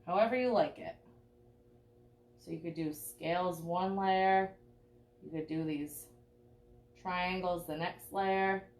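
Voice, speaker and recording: A woman's voice: fairly low pitch, takes it slowly, pauses often, darkish tone. A young woman teaching a live online painting class, chatty and encouraging, checking in with "okay?" often. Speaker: art teacher.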